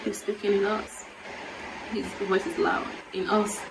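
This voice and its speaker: A woman earnestly reacting to a worship song on her vlog, growing fervent and then quiet and reflective. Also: mid-range voice, level tone, unhurried, gravelly, noisy background. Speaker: music reaction vlogger. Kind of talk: emotional worship music reaction.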